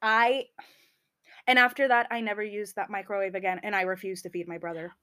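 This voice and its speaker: A young woman co-hosting a podcast, chatting casually and telling a story in a dramatic, drawn-out way. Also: mid-range voice, little pitch movement, fairly bright tone. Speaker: podcast co-host. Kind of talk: casual chat.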